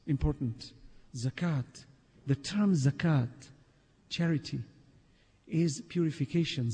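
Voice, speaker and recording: A man preaching a sermon in an earnest, emphatic way, swinging between soft and loud and reciting scripture in Arabic. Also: a little high, husky. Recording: long reverb of a hall.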